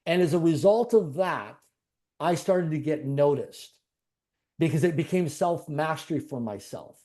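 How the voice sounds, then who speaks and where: In an interview, a man with a fairly high, warm, expressive voice speaks a little slowly. He earnestly relates a personal story in conversation, his phrasing repetitive and piled up.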